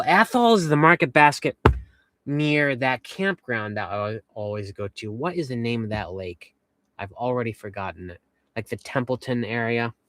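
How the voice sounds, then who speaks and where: The young vanlife livestreamer from western Massachusetts keeps things upbeat and rambling as he reads viewer comments from inside his camper van. His voice is mid-range and a bit bright, with no room sound.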